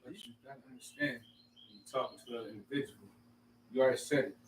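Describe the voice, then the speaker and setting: A man in a group discussion, talking in a measured, calm way as he reasons through his point. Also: mid-range voice, recorded from a distance, slight background noise. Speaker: discussion participant. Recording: roomy, off-mic with faint ambience.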